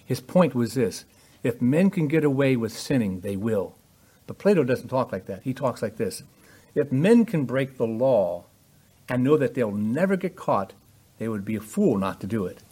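A man preaching a sermon with emphatic delivery that rises in pitch and volume on key points. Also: sing-song, normal speed, mellow, slightly rough.

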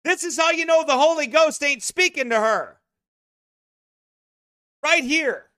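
A scornful man preaching in an emphatic sermon-style commentary. His voice is very high and smooth, and his delivery is slow and deliberate. The voice is bright and forceful, in a dry room. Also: dry recording. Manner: emphatic, scornful, bursts into shouts.

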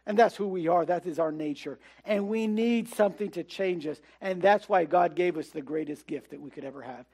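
A man preaching a sermon in a relaxed, conversational way, dropping to a soft hush on his key words. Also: high voice, a little fast, breathy edge. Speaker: pastor.

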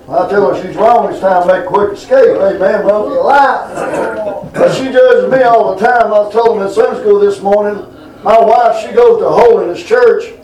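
A man's voice: high voice, far from the mic. A middle-aged man preaching a folksy sermon to a responsive congregation. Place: church sanctuary. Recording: echoey church room.

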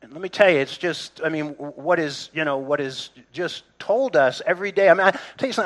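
A man's voice: fairly high pitch, brisk, few pauses, a bit bright. A middle-aged man preaching a sermon in a church, conversational, with restarts and asides to the congregation. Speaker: pastor.

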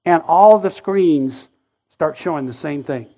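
High-voiced animated preacher man. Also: unhurried. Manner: animated, swings from shouting to hushed. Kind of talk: storytelling sermon.

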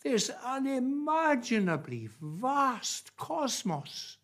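A man preaching a sermon, unhurried and emphatic, dropping soft and then rising loud on key phrases. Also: very high voice, sing-song.

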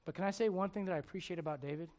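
Male preacher, high voice, lively sermon storyteller with constant rhetorical questions. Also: racing.

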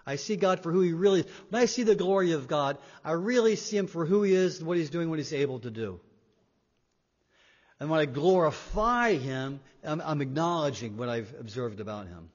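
A man preaching a sermon, emphatic, swinging between loud and quiet and repeating words for weight. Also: fairly high pitch, lively intonation, normal speed. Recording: dull sound in a reverberant hall.

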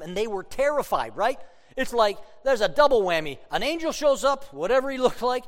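A man preaching a sermon, telling stories with humor and sudden loud outbursts. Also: sits high, big pitch swings, moderate pace, big-room sound. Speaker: pastor.

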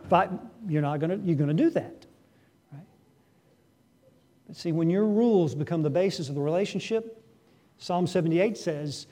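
With a warm, fairly high voice, this pastor preaches at a moderate pace broken by long pauses. He speaks earnestly, asks the congregation rhetorical questions, and suddenly gets louder to drive points home.

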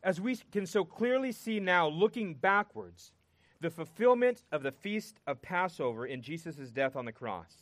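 A man preaching a sermon, earnest and emphatic, pausing and repeating words for weight. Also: on the high side, big pitch swings, no echo.

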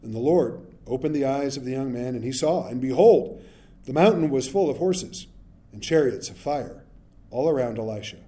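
A man's voice: medium pitch, normal speed, dark tone. A man preaching a sermon in a conversational way, often asking "right?" and acting out the people of the story. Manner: conversational, asks "right?" often, acts out Bible characters. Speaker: pastor.

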